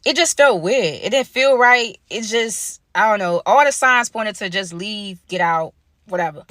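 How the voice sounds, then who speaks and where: Young woman, casual story time, slangy and gossipy, dry close phone sound, mid-pitched voice. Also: expressive, unhurried, a bit bright, no room sound. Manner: slangy, gossipy, talks straight to viewers.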